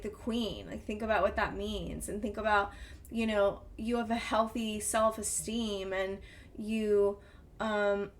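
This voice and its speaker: A woman giving a casual tarot reading to camera, effusive and encouraging, rambling and restarting her sentences. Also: fairly high pitch. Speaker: tarot reader.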